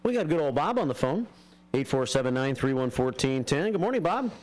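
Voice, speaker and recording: A man's voice: medium pitch, big pitch swings, a little fast, a little mellow. A man hosting a call-in radio show, talking in an easygoing, casual way. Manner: easygoing, reads the phone number. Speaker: radio host.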